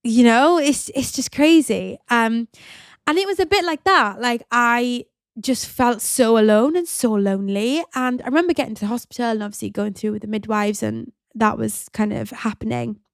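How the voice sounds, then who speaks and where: A woman's voice: fairly high pitch, normal speed, no echo, clean studio sound. A woman hosting a podcast, telling a personal story in a chatty, open way, full of casual fillers. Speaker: podcast host.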